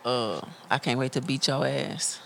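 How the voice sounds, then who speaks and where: A woman's voice: a bass voice, a little slow, creaky, a bit bright. A woman in casual, blunt podcast banter who laughs often, with faint noise behind her.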